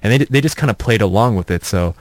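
Low-voiced young comedian, rambling. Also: male voice, expressive, quick pace, no room sound. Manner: rambling, self-mocking, trips over his words. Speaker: comedian, interview guest. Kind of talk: casual anecdotal storytelling.

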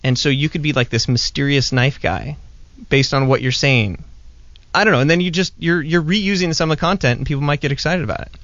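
A man's voice: a little high, fairly quick, fairly bright tone, no room sound. A man hosting a show in casual chat, playful and talkative, often jumping in to rephrase what his guest says. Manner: playful, chatty, jumps in to rephrase. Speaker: podcast host. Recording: dull lo-fi dry recording.

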